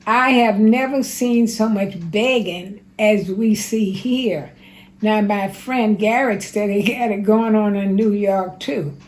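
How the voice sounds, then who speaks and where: Slow-talking woman in her nineties. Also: medium pitch, a little mellow, low-quality recording. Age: 90s. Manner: slow, plainspoken, unhurried storyteller. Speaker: interviewee sharing life advice. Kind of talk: casual spoken reminiscence.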